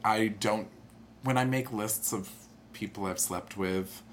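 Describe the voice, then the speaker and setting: A young man telling a long personal story in casual chat, animated and jumping into higher voices when he quotes people. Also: takes it slowly, slight background noise.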